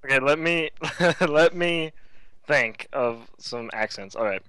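A teenage guy chatting on a group podcast, his pitch climbing and dropping all over as he rambles through a story. His tone is bright and forceful. The sound is dry and close, with no room around him. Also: expressive, takes it slowly, clear, resonant tone, no echo, low-quality recording. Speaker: podcast co-host. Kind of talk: casual group podcast chat.

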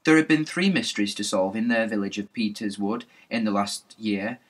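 A man reading a children's mystery novel aloud in a lively storybook narration. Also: lowish voice, moderate pace. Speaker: audiobook narrator.

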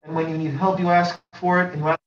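A man's voice: high voice, flat delivery, quick pace, roomy sound. Guy teaching a torah class, repeats himself for effect, kinda far off the mic and dull sounding. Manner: rhetorical, repeats and builds phrases, emphatic rises. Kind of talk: religious lecture.

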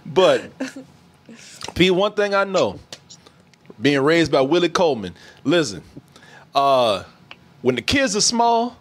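Animated, husky-voiced man telling a story. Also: fairly high pitch, takes it slowly, long pauses. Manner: animated, laughs often, acts out quotes. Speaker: podcast host. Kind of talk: comedic storytelling, casual chat.

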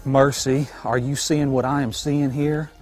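A breathless bowhunter man talks outdoors at night, stumbling over his words and repeating himself in disbelief. His voice sits at an ordinary middle pitch. Faint music plays underneath. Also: little pitch movement, unhurried. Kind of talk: excited field commentary after a shot.

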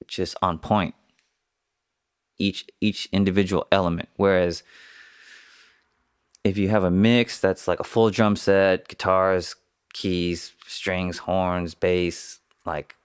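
A slightly sick man with a deep, smooth voice talks through his work in a thoughtful, casual monologue, coughing now and then. He takes his time and pauses to find words. The sound is close and dry. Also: dry recording. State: a little sick, occasional cough. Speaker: podcast host and mixing engineer.

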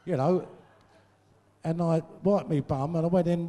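A fairly high, slightly mellow voice belongs to an older guest storyteller who speaks slowly and pauses often, with a bit of hiss or hum in the audio. On a stage mic before a live audience at a large venue, he spins crude, sweary jokes and laughs at them himself as the hall echoes.

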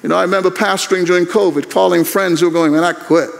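An older man preaching a sermon in an animated, conversational way. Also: high voice, racing, creaky. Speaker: guest preacher. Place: large university chapel. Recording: long chapel reverb.

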